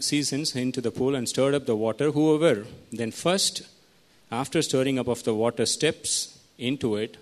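A man preaching a sermon, teaching verse by verse and putting questions to his listeners. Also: medium pitch. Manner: teaching, asks the congregation questions.

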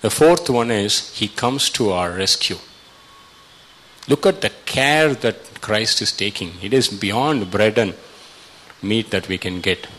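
A man preaching a sermon, retelling a scripture story and acting out the quotes with sudden loud rises. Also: on the low side, lively intonation, slow pace, poor audio.

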